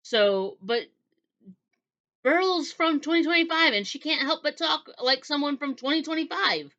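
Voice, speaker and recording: A woman talks through a novel in a chatty, rambling way, slipping into bits of acted-out dialogue. Her voice is bright and cutting, and the recording is slightly dull and lo-fi. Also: high voice, animated, a little slow. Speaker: book reviewer. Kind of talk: casual book review chat.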